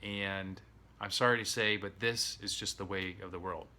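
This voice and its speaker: A man's voice: sits low, fairly even intonation, moderate pace, sharp tone. A man voicing a grieving, resigned bird. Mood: sorrowful. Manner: sad, resigned. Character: sorrowful bird, grieving parent.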